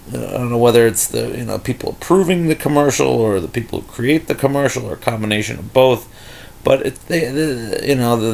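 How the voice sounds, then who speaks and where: A man's voice: medium pitch, creaky. A man talking off the cuff in an irritated, rambling rant, full of fillers and restarts. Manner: irritated, scornful. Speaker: video commentator. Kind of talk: unscripted rant.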